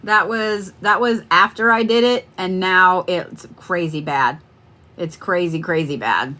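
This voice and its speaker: A woman's voice: lowish voice, a little slow, bright, forceful tone. A middle-aged woman hosting a live stream as a psychic card reader, chatting casually and rambling to viewers with plenty of swearing. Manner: chatty, rambling and freely profane.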